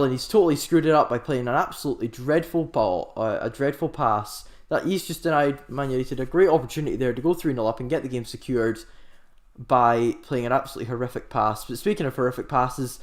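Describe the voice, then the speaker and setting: A man commentating a football match live for his own channel. He is excitable and rambling and keeps correcting himself mid-sentence. His voice sits at an everyday middle pitch. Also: fairly quick. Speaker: host of a live football watchalong.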